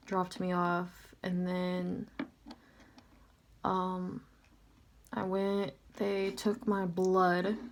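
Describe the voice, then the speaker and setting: A woman's voice: fairly low pitch, monotone, very slow, long pauses, slight background noise. A woman telling a personal story in a casual, chatty way, full of "like" and "um". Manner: chatty, filler-heavy, lots of "like" and "um". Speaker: vlogger.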